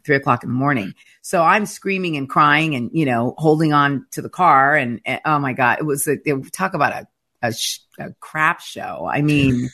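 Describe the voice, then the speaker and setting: A woman's voice: sits low, a bit bright. A woman, the guest in an interview, retelling her experiences in an emphatic, dramatic conversational way, with frequent restarts. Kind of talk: conversational storytelling.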